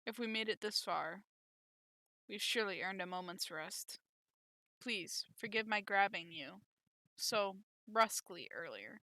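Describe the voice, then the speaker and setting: A woman's voice: mid-range voice, lively intonation, measured pace, sharp tone, no room sound. A woman reading aloud as an earnest, formal male knight protecting a princess. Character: loyal devoted male knight guarding a princess.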